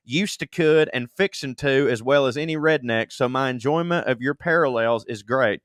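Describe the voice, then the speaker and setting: A man's voice: medium pitch, normal speed, few pauses, fairly bright tone, dry recording. Southern man reading listener mail, dry sound. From Southern United States. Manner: self-deprecating, laughs often. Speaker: podcast co-host. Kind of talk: reading listener emails aloud with comic asides.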